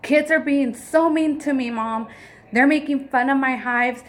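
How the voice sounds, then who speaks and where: A woman's voice: high voice, a little slow, voice pushed up. A woman voicing her eight-year-old son, who sounds angry and sulky about being bullied. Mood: upset.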